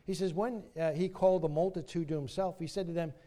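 A man's voice: on the high side, steady tone, quick pace, mellow. A male pastor preaching an earnest sermon from the pulpit of a church, appealing to his listeners and reading scripture aloud. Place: church sanctuary.

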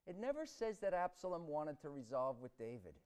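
Male preacher, animated and dramatic, a bit high-pitched, swings from quiet to shouting. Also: brisk, clean tone. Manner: swings between hushed reflection and loud shouting; dramatic storytelling delivery. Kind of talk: sermon.

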